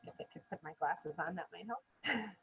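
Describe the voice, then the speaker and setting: A woman's voice: on the low side, expressive, normal speed, a bit bright, breathy edge, soft background music, poor audio. A middle-aged woman teaching dementia care in a live online session, earnest and chatty, checking in with "right?" often. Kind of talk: live-streamed training chat.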